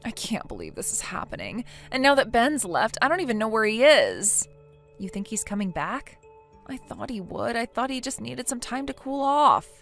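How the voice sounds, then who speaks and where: A woman voicing a defensive, self-pitying young wife in a text story, in a somewhat high voice. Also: very animated, normal speed, fairly bright tone, soft background music. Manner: whiny, defensive.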